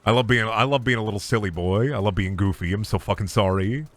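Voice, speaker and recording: A man's voice: on the low side, fast talker. A man streaming a game in casual, crude, goofy commentary, rambling between jokes and trash-talk at opponents.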